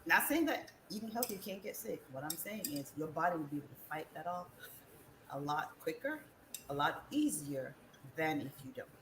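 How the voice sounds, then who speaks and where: An animated woman talks in a casual chat, and her pitch leaps around as she acts out other people's voices and laughs often. The recording is roomy and echoey, with a faint hiss of ambient noise underneath. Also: normal speed. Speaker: wellness guest.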